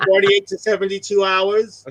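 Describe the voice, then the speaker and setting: Brassy high-pitched campy man. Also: little pitch movement, moderate pace, vocal fry, fairly bright tone, rough recording. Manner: brassy, sassy, self-mocking. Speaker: co-host. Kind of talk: campy drag chat.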